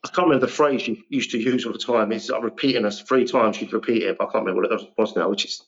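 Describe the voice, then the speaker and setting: A man's voice: medium pitch, rapid-fire, lo-fi sound. A man, an actor guest talking casually and self-deprecatingly on a podcast. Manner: chatty, self-deprecating storyteller.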